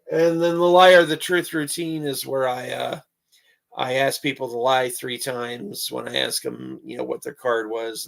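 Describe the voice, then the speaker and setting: A man's voice: mid-range voice, creaky, a bit bright. A man explaining his stand-up comedy act in a rambling, casual way, with many fillers and restarts.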